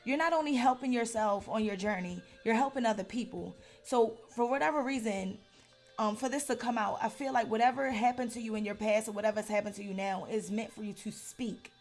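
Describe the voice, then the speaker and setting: A woman's voice: fairly high pitch, fairly quick, faint music behind. A woman giving a casual tarot reading to camera, earnest and at times heated and emphatic. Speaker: tarot reader.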